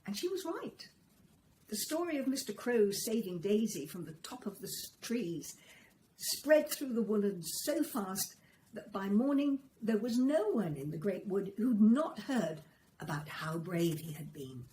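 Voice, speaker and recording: A woman reading a children's story aloud, in a gentle, expressive storytelling manner. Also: medium pitch, measured pace, slight background noise, low-quality recording.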